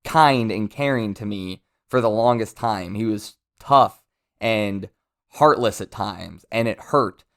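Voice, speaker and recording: Man putting on a firm grieving daughter, slow earnest delivery, lowish voice. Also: gravelly, a bit bright, heavily acted. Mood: insistent. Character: young woman, grieving daughter, firm and hurt.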